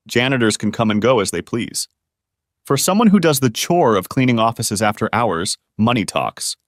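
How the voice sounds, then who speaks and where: A man narrating a first-person revenge story in an expressive reading voice. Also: mid-range voice, no room sound, studio quality.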